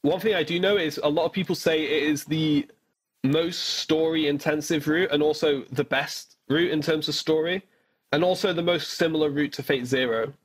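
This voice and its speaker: A man co-hosting a podcast in casual chat, excitable, restarting his sentences and swearing often. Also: on the high side, moderate pace, husky. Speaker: podcast co-host.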